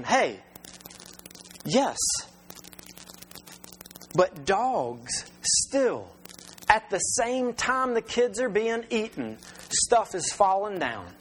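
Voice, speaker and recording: A man's voice: a little high, a bit bright, slight background noise, low-quality recording. A man preaching a sermon as pastor in a conversational way, with rhetorical questions and restarts.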